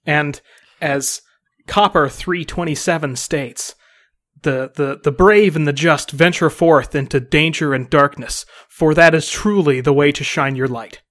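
Man playing an earnest pious adventurer, solemn, bright and tense voice, halting. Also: on the high side. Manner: solemn, halting, scripture-quoting.

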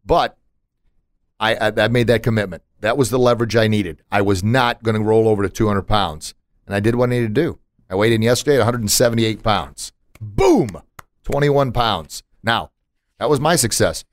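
A man's voice: on the low side, moderate pace, no echo. A man hosting a podcast in casual chat, emphatic and motivational, with punchy asides. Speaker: podcast host.

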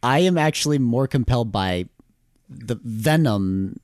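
A man's voice: mid-range voice, lively intonation, a little slow, darkish tone, no echo. Guy on a movie podcast hedging his takes, dry dead-sounding mic. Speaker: podcast co-host. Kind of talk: casual movie discussion.

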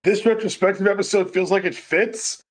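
A man co-hosting a casual TV recap chat, his voice pitched high for a man. He speaks with enthusiasm but stops and restarts often as he works out what to say. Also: fairly even intonation. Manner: enthusiastic, halting with repeated restarts. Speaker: podcast co-host.

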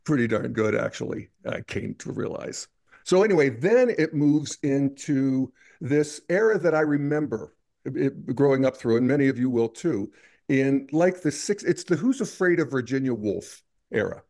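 A man's voice: medium pitch, expressive, moderate pace, gravelly, a little mellow. A man hosting a casual film discussion, talking in a rambling, hesitant way with many restarts. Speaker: podcast host.

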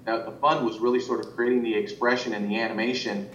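This animation director gives a casual interview, rambling along with lots of fillers and restarts. He talks fast in a level, fairly bright voice, captured off-mic from a distance in a roomy, muffled recording with faint rumble.

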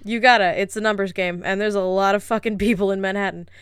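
A woman co-hosting a podcast, telling stories in an animated, profane way. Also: mid-range voice, fast, smooth, dry recording, studio quality. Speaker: podcast co-host. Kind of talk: casual podcast chat. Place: lives in New York City.

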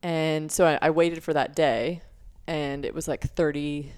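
A woman's voice: sits low, steady tone, unhurried, a little mellow, clear, resonant tone. A young woman co-hosting a podcast, telling a story in a chatty way with lots of fillers. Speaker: podcast co-host. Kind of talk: casual chat.

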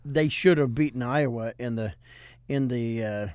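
A man's voice: medium pitch, a little slow, darkish tone, smooth, no room sound, clean studio sound. An older man co-hosting a ministry podcast as a pastor, chatting casually with wry teasing and hedging restarts. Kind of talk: casual chat.

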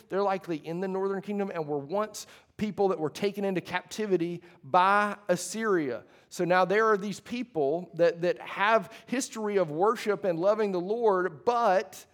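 A man delivers a sermon to his congregation in a church hall. His voice sits a little high for a man. He keeps it conversational and loose, often restarting phrases and making asides. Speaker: pastor.

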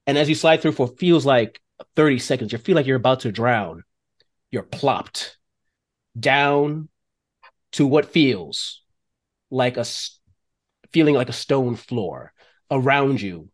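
A man of middling pitch running a tabletop game, describing scenes in an animated way. He often pauses with fillers as he builds the story. His voice has an everyday, even tone. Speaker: game master.

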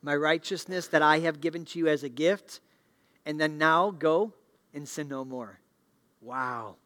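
A middle-aged male pastor preaching a sermon in a church, asking the congregation questions and moving between loud declarations and hushed appeals. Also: on the high side, unhurried. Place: church sanctuary.

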